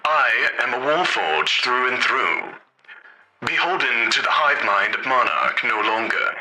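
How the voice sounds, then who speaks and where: A man's voice: mid-range voice, lively intonation, measured pace, pushed and bright, roomy sound, slight background noise, rough recording. A man voicing a proud male robot Warforged negotiator who talks in firm declarations, during a tabletop game. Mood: defiant.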